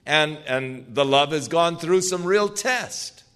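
A man's voice: fairly high pitch, slow pace, a bit bright, clean tone. An older man preaching a sermon in an earnest, emphatic way, putting questions to his listeners.

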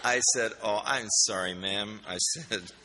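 A man preaching a sermon, telling a personal story in a folksy, animated way and acting out the dialogue. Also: fairly low pitch, a little slow, long reverb tail, crowd noise, background noise. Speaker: pastor.

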